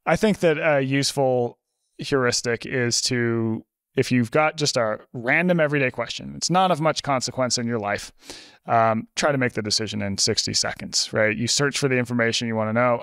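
A man in a conversational podcast interview, a lively storyteller who talks with plenty of fillers. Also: mid-range voice, normal speed, clear, resonant tone, no room sound, studio quality. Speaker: podcast guest, author.

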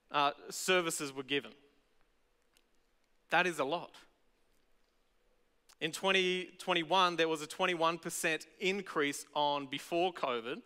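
An Australian man preaching a sermon as pastor, conversational and animated, acting out everyday voices. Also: on the high side, clean tone, in a large hall. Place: large church auditorium.

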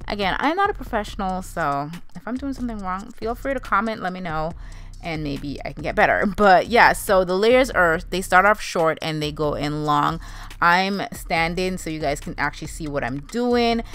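A young woman with a slightly low voice talks her viewers through a hair tutorial. She keeps it casual and chatty, calling them "you guys" and "honey" as she goes. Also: animated, moderate pace, fairly bright tone, clean tone. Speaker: beauty vlogger.

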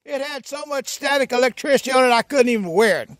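A man's voice: extremely high pitch, expressive, fast talker, no echo, studio quality. A man putting on a goofy rural hillbilly character for a comedy monologue, folksy and whooping. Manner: folksy drawl with hoots and cackles. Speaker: comedy sketch character host.

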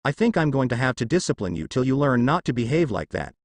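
A man's voice: medium pitch, big pitch swings, fast talker, dry recording. A man doing a cold, growling young ninja. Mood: cold menace.

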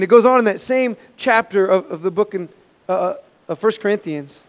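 A man with a high voice preaches a sermon to his congregation. He swings between loud, emphatic peaks and quiet asides. His voice carries a long reverb through the church hall. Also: normal speed. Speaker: pastor. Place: church sanctuary.

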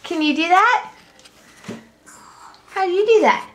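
A woman's voice: high-pitched, lively intonation, measured pace, pauses often, slight background noise. A mother at home playing with her toddler, talking in a coaxing, singsong baby-talk voice and laughing often.

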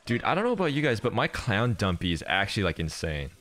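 A man streaming a game and chatting casually, with dry, deadpan jokes. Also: lowish voice, quick pace. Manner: dry, deadpan jokey banter. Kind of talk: casual gaming stream chat.

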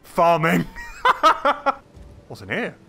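A man streaming gameplay, excitable and swearing often while chatting to the characters on screen. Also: a little high, extremely slow, creaky, soft background music. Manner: excitable, swears a lot, talks to game characters. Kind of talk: live gameplay commentary.

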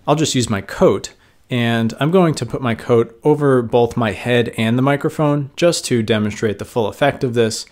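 A man teaching how to record a voice, explaining calmly in a closet set up as a recording booth and speaking into a studio microphone. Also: mid-range voice, moderate pace, roomy sound. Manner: calm, explanatory, demonstrating as he goes. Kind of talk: instructional tutorial.

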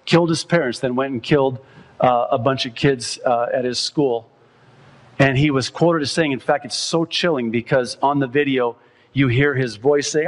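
A man preaching a sermon as pastor, quoting others at length and rising to impassioned, near-shouted peaks. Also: mid-range voice, moderate pace.

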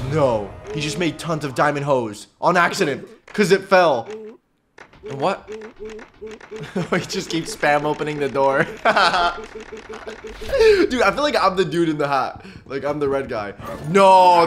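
Male reaction YouTuber: excitable, slang-heavy, animated delivery in a slightly high register. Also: slow pace, music in the background. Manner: excitable, slangy, laughs often. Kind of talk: casual reaction commentary.

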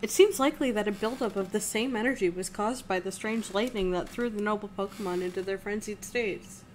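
An earnest scholar laying out theories, voiced by a woman streamer. The voice is mid-pitched and plain. A faint hum sits behind it. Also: a little fast, lightly acted. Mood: amazed. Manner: earnest, explanatory.

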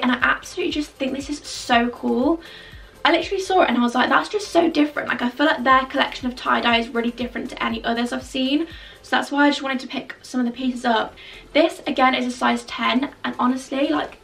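A young woman chatting excitedly through a clothing try-on haul, gushing and full of fillers. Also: sits high, creaky. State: out of breath. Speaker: fashion vlogger. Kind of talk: casual try-on haul chat. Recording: distant mic with faint background music.

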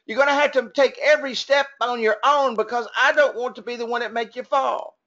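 High-voiced Texan man coaching online. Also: fairly even intonation, a little fast, pushed and bright, dull audio. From Texas. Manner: folksy, upbeat, chats with attendees and jokes. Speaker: business trainer. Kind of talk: motivational webinar training.

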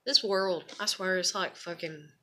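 Mother in her thirties for a home vlog: lowish, bright voice, rambling and frustrated, curses casually. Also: a little slow. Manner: rambling, frustrated, swears freely. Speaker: mother vlogging.

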